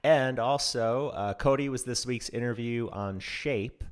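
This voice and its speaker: A man's voice: mid-range voice, clear, resonant tone. A man co-hosting a casual news podcast, reading news with frequent ums and restarts. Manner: halting, many ums and restarts. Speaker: podcast co-host.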